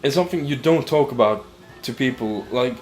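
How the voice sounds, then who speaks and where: Young guy hosting a let's play, mid-pitched, rambling chatter, faint music behind. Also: a little mellow. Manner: rambling, halting restarts. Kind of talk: casual gaming chat.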